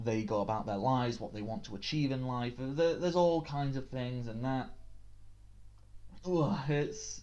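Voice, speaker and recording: In a casual tips video, a man from Britain chats about running tabletop games, poking fun at himself along the way. His voice is medium-pitched with a darkish tone, heard through a dull lo-fi recording.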